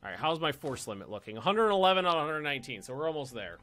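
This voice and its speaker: A man's voice: fairly high pitch, sing-song, racing, hardly any pauses, a bit bright. A man casually commenting as he plays a strategy game on stream, chatty and playful, swearing and repeating himself as he thinks. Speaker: let's play streamer.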